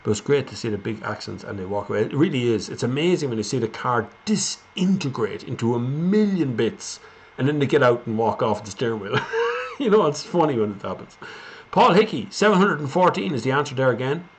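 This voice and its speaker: A man's voice: medium pitch, animated, brisk. Chatty Irish man hosting a live stream. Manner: rambling, chatty, reads viewer comments aloud. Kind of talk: casual live-stream Q&A chat.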